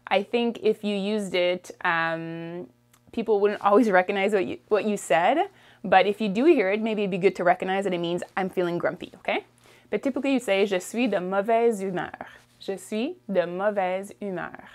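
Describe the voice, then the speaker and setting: A woman's voice: medium pitch, normal speed. A woman teaching a language lesson, patiently repeating each phrase and checking in with "okay?". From Canada. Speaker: French teacher.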